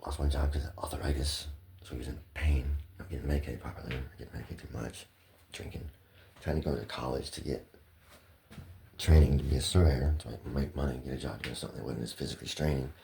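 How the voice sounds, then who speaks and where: Very deep gravelly man, rambling monologue. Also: fairly even intonation, fast talker, slight background noise. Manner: swings between hushed murmurs and loud heated outbursts; profane, repetitive and impassioned.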